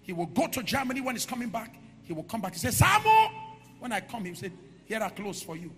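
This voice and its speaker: A man preaching a sermon in a church hall, moving from quiet storytelling to shouted, sing-song declarations. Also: high-pitched, quick pace. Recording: echoey hall with music behind.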